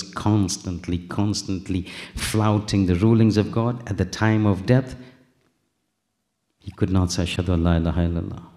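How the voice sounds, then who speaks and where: A male preacher giving a sermon, telling a story and acting out its dialogue in an animated way, with Arabic and Urdu phrases mixed in. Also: on the low side. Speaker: Islamic preacher.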